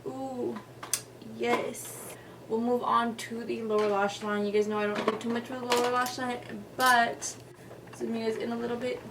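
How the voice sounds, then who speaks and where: Young woman vlogger, higher voice, casual and swearing, a bit off-mic in a faintly noisy room. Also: little pitch movement, moderate pace, far from the mic. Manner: chatty, profane, lots of "like" and "y'all". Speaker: beauty vlogger. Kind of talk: casual storytelling during a makeup tutorial. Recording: voice a little off-mic with faint noise.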